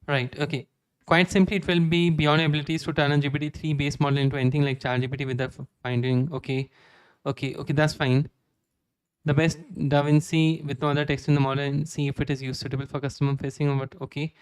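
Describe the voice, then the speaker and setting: A man's voice: on the high side, level tone, fast talker, smooth, no echo. Indian man thinking aloud while coding. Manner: reads docs aloud, frequent "okay" fillers. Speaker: live-coding streamer.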